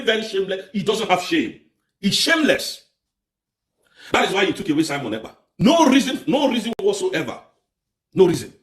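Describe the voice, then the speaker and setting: A man's voice: high voice, fairly bright tone, reverberant. A man with a Nigerian accent giving an impassioned political livestream, fiery and repetitive, firing off rhetorical questions. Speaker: livestream commentator.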